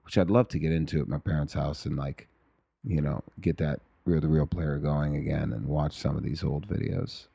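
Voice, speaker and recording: A man's voice: extremely low pitch, fairly even intonation, moderate pace, gravelly, warm tone, husky, no room sound. A male comedian as a podcast guest in casual chat, rambling and making self-deprecating jokes.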